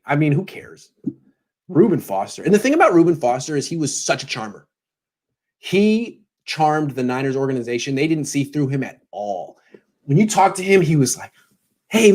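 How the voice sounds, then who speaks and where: A man in his thirties hosts a casual sports show, riffing sarcastically and jumping between voices as he tells his stories. His pitch sits a touch high and swings widely as he talks. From California. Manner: sarcastic, animated storytelling with mock voices. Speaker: sports blogger and show host. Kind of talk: casual pregame commentary.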